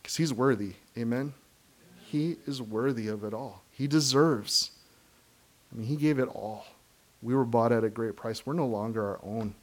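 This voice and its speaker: A middle-aged man preaching a sermon, earnest and emphatic, breaking into short laughs and quick asides. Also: medium pitch. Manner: acts out quoted voices of kids and believers. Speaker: pastor.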